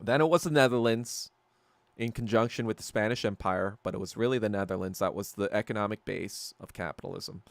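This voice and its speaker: A man's voice: lowish voice, fairly quick, creaky, dry recording. A man hosting a podcast livestream, ranting in casual, profane commentary that wanders between topics. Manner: profane, rambling and heated. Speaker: podcast host.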